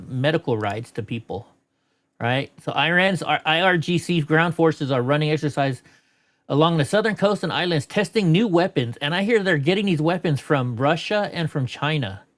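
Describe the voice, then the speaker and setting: A man's voice: fairly high pitch, moderate pace. Rambling profane man streaming. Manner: rambling, profane, laughs a lot. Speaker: streamer host. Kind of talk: casual live-stream chat.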